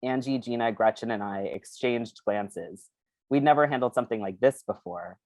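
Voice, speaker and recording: An author reading their novel aloud at a bookstore event, then talking about writing it in a halting way with many fillers. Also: male voice, medium pitch, darkish tone, no echo.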